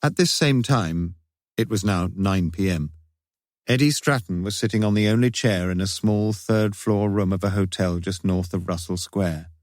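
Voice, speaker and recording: A man reading an audiobook detective novel in a measured, wry narration. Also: deep voice, a little mellow, no echo, studio quality. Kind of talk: scripted narration.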